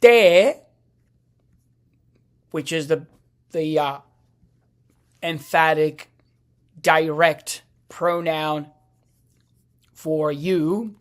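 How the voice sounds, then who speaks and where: A man teaching a language lesson, explaining slowly with frequent restarts and fillers. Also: fairly high pitch. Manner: slow, hesitant, with many restarts and fillers.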